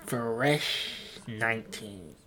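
A man's voice: medium pitch, extremely slow, sharp tone. A young man rambling on his own podcast from a room at home, self-mocking, loose and profane. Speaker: podcast host. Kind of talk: casual solo podcast rambling.

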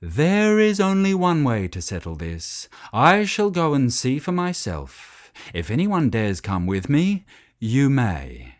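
Stately old cow lady, slow proper talk, guy putting it on. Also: medium pitch, huge pitch swings, pitched above the performer's own voice. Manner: formal, measured speech. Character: wise old female cow, stately and calm.

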